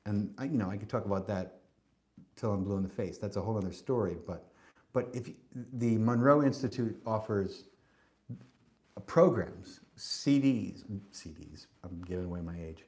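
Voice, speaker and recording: A man's voice: lowish voice, normal speed, dark tone. A man hosting a podcast, delivering a spiritual monologue in an emphatic, preachy way, cursing and restarting often. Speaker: podcast host.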